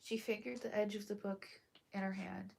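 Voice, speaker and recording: A woman reading a story aloud while sick and hoarse, coughing between lines and often dropping to a whisper. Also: medium pitch, steady tone, darkish tone, a little hiss or hum. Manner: slow, halting, often drops to a whisper. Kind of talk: casual live read-aloud with asides.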